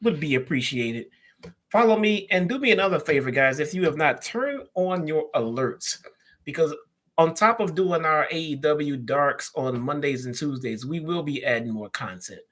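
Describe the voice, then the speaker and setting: A man's voice: a little high, animated, moderate pace, fairly bright tone. A man with a Chicago accent hosting a casual live stream, chatting loosely and answering viewer comments as he goes.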